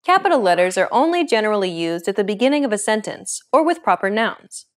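Woman explaining a language lesson clearly. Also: mid-range voice, sing-song, fast talker. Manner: clear, explanatory teaching delivery.

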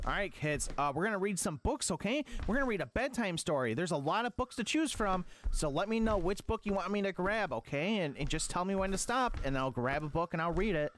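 Gaming streamer, male, lively pitch that swings up and down, slightly high voice, mock-parental sing-song dad act. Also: a little fast, hardly any pauses, slight background noise. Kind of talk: comic role-play as a dad.

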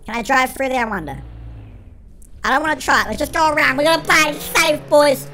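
A squeaky chipmunk gamer. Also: lively intonation, brisk. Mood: frantic. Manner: shrieky, panicky, constantly shouting to friends. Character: excitable cartoon chipmunk gamer. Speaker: gaming channel host. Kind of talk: game commentary. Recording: noisy game sounds behind.

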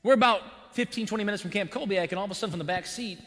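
A man preaching a sermon as pastor, telling a personal story in an animated way with buzzing sound effects. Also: sits high, racing. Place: church sanctuary. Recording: long church-hall reverb.

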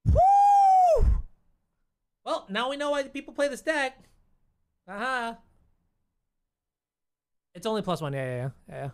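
Lively, cursing card-game streamer. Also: mid-range voice, normal speed, pauses often, clean tone, dry recording. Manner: muttering to self, swearing, bursts of excitement; chats to chat and opponent. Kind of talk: casual live-stream game commentary.

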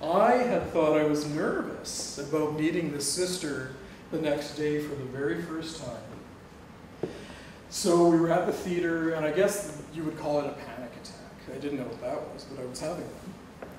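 Animated man telling a story in an echoey hall. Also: on the high side, normal speed. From Canada. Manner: animated, acts out dialogue, laughs often. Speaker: guest speaker. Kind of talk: personal storytelling to an audience. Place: lecture hall on a campus. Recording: distant, echoey room recording with noise.

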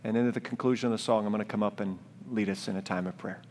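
A man preaching a sermon as pastor, speaking in a gentle, reflective, pleading way. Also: on the low side, steady tone, racing, background noise. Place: church sanctuary, live-streamed. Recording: long church-hall reverb.

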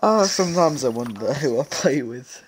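A man's voice: medium pitch, animated, normal speed, noisy background. A man teasing a friend in casual banter over an online game. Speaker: gamer in voice chat.

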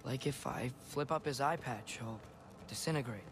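A man's voice: mid-range voice, moderate pace, music in the background, natural voice. An actor voicing an earnest, curious teenage boy god in a video game. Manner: earnest, searching. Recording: game audio with steady background noise.

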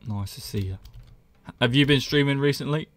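A man from the UK with a mid-range voice chats at normal speed with viewers while gaming on a live stream, with no room sound. He's joking and self-mocking, reading the chat aloud.

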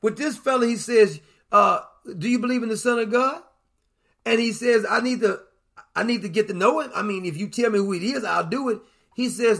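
Male preacher, high gravelly voice, folksy scripture storytelling. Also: brisk, a bit bright. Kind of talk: sermon.

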